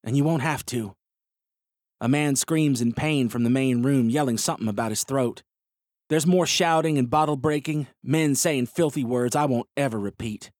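A man narrating a first-person western story in a steady, expressive reading voice. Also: medium pitch, moderate pace, no room sound, clean studio sound.

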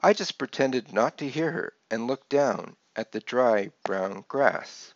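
A man reading aloud from his own memoir, gently telling a childhood story and brightening his tone for the people he quotes. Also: medium pitch, lively intonation, slow pace, a little hiss or hum. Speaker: author reading his book. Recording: dull lo-fi dry recording.

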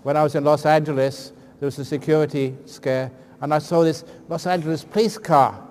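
Man, monk, humorous storyteller, slightly high voice, reverberant hall. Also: steady tone, a little fast, a little mellow. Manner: joking, anecdotal storyteller. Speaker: Buddhist monk giving a dharma talk. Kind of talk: humorous talk answering audience questions. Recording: long hall reverb, faint ambient noise.

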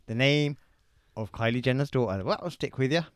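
A man's voice: medium pitch, lively intonation, a little fast, no echo, clean studio sound. A man co-hosting a podcast in casual chat, playful and jokey, slipping into bits and laughing easily. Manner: playful, jokey, often breaks into laughter and put-on voices. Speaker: podcast co-host. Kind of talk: casual chat, comic impressions.

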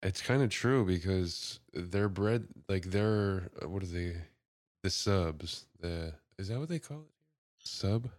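Low-voiced young dude chilling on a podcast, laughing along, dry sound. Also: male voice, expressive, takes it slowly, darkish tone, no echo. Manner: laid-back, laughing reactions. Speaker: podcast co-host. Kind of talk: casual chat.

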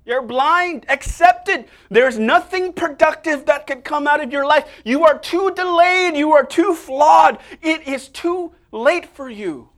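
A man playing a scornful crowd member who shouts down blind beggars in a sermon. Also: very high-pitched, unhurried, hardly any pauses, pitched above the performer's own voice. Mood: jeering. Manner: shouting, contemptuous.

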